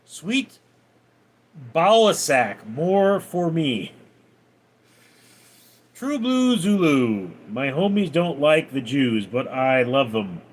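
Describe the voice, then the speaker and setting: Slow-talking animated male livestreamer. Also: fairly high pitch. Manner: reads viewer names and comments aloud, then replies offhand. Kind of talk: reading out and answering live chat.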